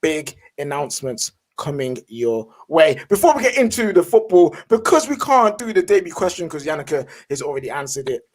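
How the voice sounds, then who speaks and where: Hyped high-voiced man hosting. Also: big pitch swings, a little fast, hardly any pauses. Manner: hyped, slangy, shout-outs. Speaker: host. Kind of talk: casual podcast chat.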